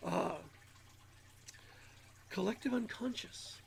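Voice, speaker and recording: Speaking slowly in a very high, gravelly voice, a man muses through a rambling self-help monologue on his own channel, repeating words as he goes. Allergies make him sound a bit nasal, and there's a little hiss or hum in the audio.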